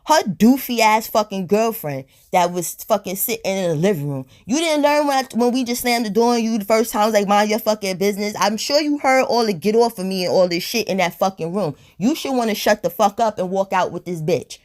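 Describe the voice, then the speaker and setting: A woman telling a storytime on her vlog in a blunt, profane, animated way, a little high and tipsy. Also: a little fast, hardly any pauses. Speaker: storytime vlogger. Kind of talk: casual storytime monologue.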